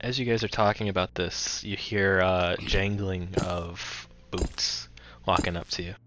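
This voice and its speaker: A man's voice: low voice, level tone, a little slow, background noise. A man running a tabletop horror game as game master, teasing the players and laughing often.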